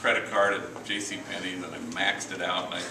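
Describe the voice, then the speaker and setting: A middle-aged man, a priest, telling anecdotes to a live audience in a lively, chuckling storyteller's manner. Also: low voice, fairly quick. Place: large room with a live audience. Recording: roomy, distant and noisy hall recording.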